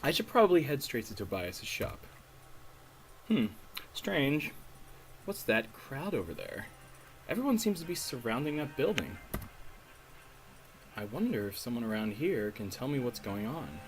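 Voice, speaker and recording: A man's voice: medium pitch, big pitch swings, unhurried, pauses often, slight background noise, poor audio. A man reading the lines of an earnest young woman heroine aloud in a game, in his own voice. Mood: curious. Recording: faint music underneath.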